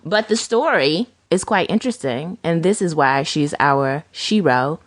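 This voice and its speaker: A woman co-hosting a casual chat podcast, telling stories with animated acted-out quotes. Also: deep voice, unhurried, no echo. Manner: animated storytelling, acts out quoted voices. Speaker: podcast co-host.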